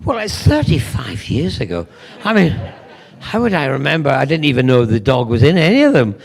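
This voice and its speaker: A man's voice: mid-range voice, wildly swooping pitch, brisk, vocal fry. An older man with a Scottish accent, the guest of honour answering fans at a convention Q&A with rambling, playful anecdotes.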